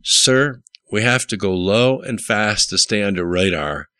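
A man's voice: lowish voice, animated, a little slow, sharp tone, smooth, no echo, clean studio sound, pitched above the performer's own voice. A man voicing a dutiful male jet pilot, formal and respectful, calling every officer sir. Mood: urgent.

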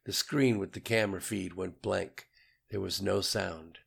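Gravelly male audiobook narrator. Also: unhurried. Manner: low, even dialogue tags.

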